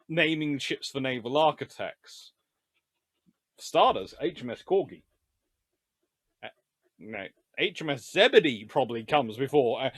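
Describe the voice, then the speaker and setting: A man giving a live-streamed history lecture. He talks in an animated, joking way and often wanders into digressions. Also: medium pitch, no echo. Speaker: history lecturer and channel host.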